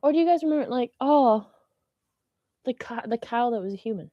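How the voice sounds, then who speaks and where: A woman in her early twenties hosting a casual solo podcast, rambling and excitable and slipping into meme voices. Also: a little high, brisk, no echo. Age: 20s. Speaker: podcast host. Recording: dull lo-fi dry sound.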